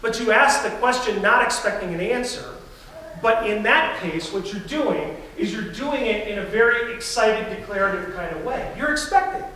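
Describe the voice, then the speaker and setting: A man's voice: high voice, normal speed, bright, forceful tone, slight background noise. A man preaching a sermon as a pastor in a church, telling stories in a conversational way. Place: church sanctuary. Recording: very echoey church, distant mic.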